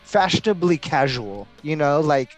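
A middle-aged man drifts through a story in an easygoing podcast chat, his voice sitting a little high for a man. He rambles and fills every pause with "like" and "you know". Faint music runs underneath. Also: big pitch swings. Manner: laid-back, rambling, heavy use of "like" and "you know". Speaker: podcast host.

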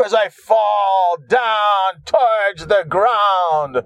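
A man's voice: high-pitched, big pitch swings, measured pace, fairly bright tone, no echo, lo-fi sound. A man in his sixties telling his own story in a rambling monologue, profane, wry and self-mocking.

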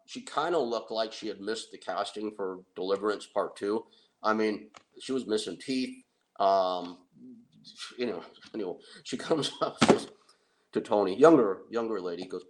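A middle-aged man telling an anecdote in a casual, excitable way, with restarts. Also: lowish voice, rough recording. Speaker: guest storyteller. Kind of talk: casual anecdote on a talk show.

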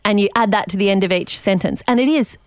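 An Australian woman in her thirties, a podcast guest explaining her points with lively examples. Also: mid-range voice, fast talker, clear, resonant tone, no echo, studio quality. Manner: articulate, animated explaining with examples. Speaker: guest author and commentator. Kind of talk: podcast interview.

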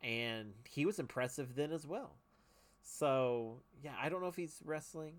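A man's voice: on the high side, expressive, measured pace. A man hosting a podcast in casual chat, talking in an enthusiastic, rambling, slangy way. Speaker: podcast host.

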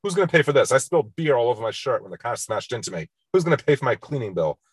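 Guy putting on a shouty bully voice, way higher than his own, fast and pushy, dry room. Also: big pitch swings, breathy edge, no echo. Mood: angry. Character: loud blustering bully, young man, hothead.

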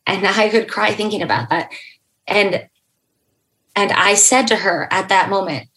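A young adult woman, a podcast guest, telling an emotional personal story in an earnest, halting way, with fillers and restarts. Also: medium pitch, pushed and bright, poor audio.

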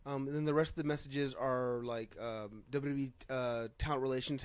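Male podcast co-host, slightly high voice, dry close sound, stumbles and laughs a lot. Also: normal speed, smooth, no room sound. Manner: laughs often, stammers and repeats words. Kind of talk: casual chat.

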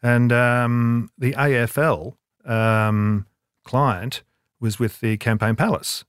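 A man's voice: medium pitch, fairly even intonation, slow pace, smooth, no room sound, studio quality. An older man, an advertising creative, telling a rambling, self-deprecating anecdote in an interview with many restarts. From Australia.

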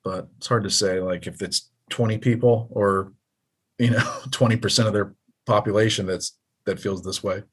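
A man's voice: fairly low pitch, steady tone, normal speed, a bit bright, breathy edge. A man co-hosting a podcast, rambling in a laid-back way and swearing casually. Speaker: podcast co-host. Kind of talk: casual chat.

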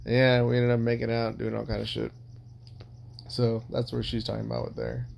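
Gravelly-voiced man rambling, crudely candid. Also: medium pitch, monotone, a little fast, a little mellow, slight background noise. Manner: rambling, heavily profane, blunt. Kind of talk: casual confessional storytelling.

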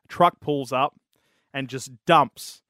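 A man's voice: medium pitch, slow pace, sharp tone, dry recording, clean studio sound. A man with an Australian accent hosting a podcast, chatting casually and telling a joke in a laid-back way, full of slang. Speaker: podcast host.

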